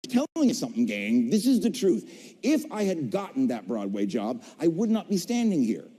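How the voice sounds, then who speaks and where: A man's voice: a little high, wildly swooping pitch, moderate pace, dark tone, husky. A middle-aged man, a voice actor on a convention stage, tells his career story with playful, self-mocking humor and acts out the people he quotes. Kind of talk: animated storytelling to a live audience. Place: convention stage in a large hall. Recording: long reverb of a large hall.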